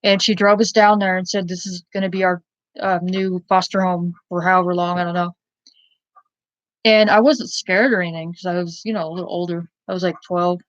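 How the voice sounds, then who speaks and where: A woman's voice: fairly low pitch, fairly even intonation, brisk, no echo, lo-fi sound. A woman casually telling a personal story in a blunt, rambling way, with many fillers and some swearing.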